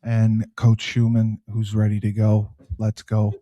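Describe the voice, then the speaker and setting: A man hosting a comedic political talk show, talking in a low, mock-menacing deadpan tone and reading news items aloud. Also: unhurried, no echo. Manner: reads news headlines aloud.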